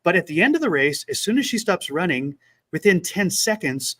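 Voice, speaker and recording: A man co-hosting a casual chat, retelling a story with lively acted-out quotes. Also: high voice, fairly quick. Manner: animated retelling, acts out quotes. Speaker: podcast co-host.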